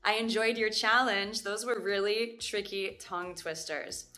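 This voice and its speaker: Bright, upbeat American woman. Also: mid-range voice, fairly even intonation, measured pace. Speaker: guest teacher.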